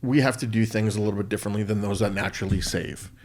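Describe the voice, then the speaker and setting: A middle-aged man co-hosting a podcast, talking in a thoughtful, halting way with restarts. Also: fairly low pitch, fairly even intonation. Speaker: podcast co-host. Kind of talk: casual conversation.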